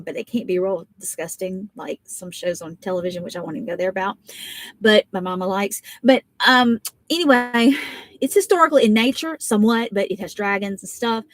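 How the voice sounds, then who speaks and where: A woman's voice: medium pitch, dry recording. A woman, chatting in a rambling, folksy way while crafting on a home livestream. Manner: rambling, folksy, animated storytelling. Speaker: papercraft vlogger.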